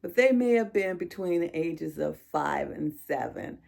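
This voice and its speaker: A middle-aged woman vlogger speaking to her viewers in a heartfelt, emotional chat, halting and restarting as she talks. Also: fairly low pitch, expressive, creaky, darkish tone.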